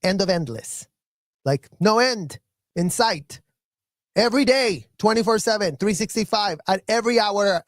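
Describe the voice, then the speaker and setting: The speaker has a high male voice, captured in clean studio sound without any room tone. He's a commentator who grew up in the group as a child, and his angry commentary comes in profane, repetitive bursts about that upbringing.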